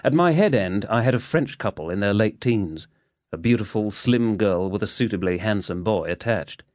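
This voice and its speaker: A male audiobook narrator reads a first-person novel with measured, steady storytelling. His voice sits fairly low, and the recording is close and dry with no room sound. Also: no echo.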